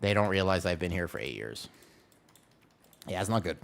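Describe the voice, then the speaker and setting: Man, slightly low voice, chatty, live gameplay commentary, allergy sniffles, keyboard clicks behind. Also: big pitch swings, normal speed, vocal fry, a bit bright. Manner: chatty, explains rotations while reading chat. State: sneezing and coughing from allergies. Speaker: streamer playing a tank.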